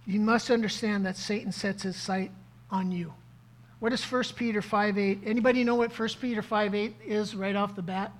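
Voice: medium pitch, steady tone, normal speed. A pastor preaching a sermon to a live congregation, asking the crowd questions and repeating key lines. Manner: interactive, asks the audience questions, repeats key phrases.

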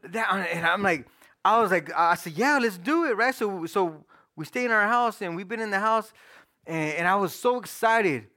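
Guy preaching his own story, high bright voice, talks street casual, gets loud then goes real quiet. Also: moderate pace. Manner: casual storytelling with slang, lively swings from loud to hushed. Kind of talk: sermon testimony.

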